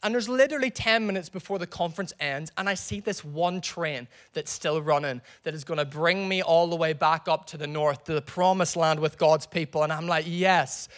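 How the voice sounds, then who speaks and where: A man's voice: fairly high pitch, fairly quick, few pauses. A man in his thirties preaching a sermon as a pastor, telling stories with lots of energy and calling out to the congregation. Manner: animated storytelling preacher with crowd prompts.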